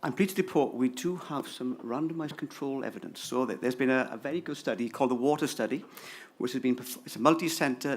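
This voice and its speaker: A man's voice: mid-range voice, creaky. A man surgeon presenting evidence in a conference debate, hesitant and understated. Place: conference hall.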